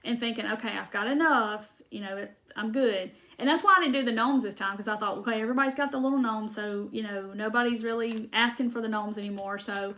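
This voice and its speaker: A woman chatting casually on a live craft stream, reading out viewer comments and rambling warmly with ums and laughs. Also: a little high, fast, few pauses.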